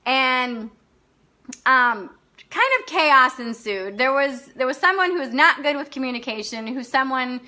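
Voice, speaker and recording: A high, bright-voiced woman leads a live online coaching class. She talks off the cuff and bluntly, swearing freely and laughing often as she answers viewers' comments. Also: expressive, measured pace.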